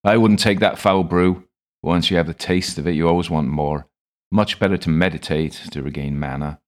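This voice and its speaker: A man voicing a gruff, grey-bearded old male apothecary with a West Country accent in an audiobook, speaking in a measured, stern, matter-of-fact way. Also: extremely low pitch. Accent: West Country English. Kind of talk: audiobook character voice.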